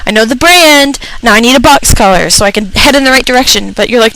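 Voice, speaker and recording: A woman's voice: on the high side, fast talker, hardly any pauses, fairly bright tone, low-quality recording. A young woman radio personality telling a comedic, profane rant about retail customers, acting out the people in her stories. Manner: exasperated, profane, acts out customers.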